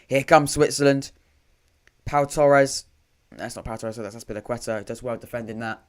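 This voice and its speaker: A man's voice: medium pitch, clean tone. A man hosting a live football watchalong, chatting casually with dry, sarcastic asides and frequent restarts. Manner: rambling, self-interrupting, dry sarcastic asides. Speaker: podcast host commentating a live watchalong. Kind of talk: casual live match commentary and chat.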